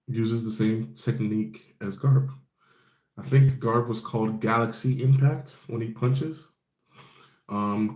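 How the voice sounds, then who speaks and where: A man's voice: lowish voice, warm tone. Laid-back man recapping with roomy echo. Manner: rambling, profane, laid-back storytelling with fillers. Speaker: anime episode recap host. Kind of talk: casual episode recap.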